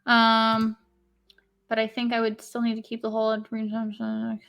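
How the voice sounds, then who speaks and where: A woman's voice: fairly high pitch, completely flat delivery, normal speed, gravelly, fairly bright tone. A young woman co-hosting a casual live stream, rambling and swearing as she tallies votes. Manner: rambling, swearing, tallying aloud. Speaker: podcast co-host.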